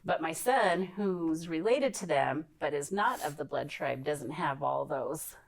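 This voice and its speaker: A middle-aged woman from Idaho, a podcast guest telling stories in a lively, laughing way and acting out what people said. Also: sits low, a little slow, vocal fry, poor audio. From Idaho, USA. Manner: animated, laughing storyteller who acts out dialogue. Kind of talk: casual storytelling interview.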